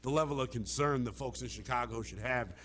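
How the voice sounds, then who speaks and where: A man's voice: mid-range voice, a little fast, fairly bright tone, slight background noise. A man hosting a sports talk show, arguing with emphatic, impassioned delivery and casual slang. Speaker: sports radio host.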